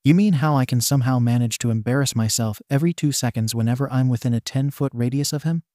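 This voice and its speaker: A man's voice: mid-range voice, quick pace, warm tone, no echo, studio quality, lightly acted. A man voicing a nervous, stammering teenage boy who babbles when embarrassed, in a storybook reading. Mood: flustered.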